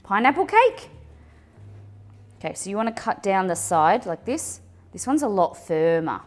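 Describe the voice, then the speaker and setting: An Australian woman hosting a casual cooking livestream, chatty and excitable as she talks to her chat. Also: mid-range voice, normal speed.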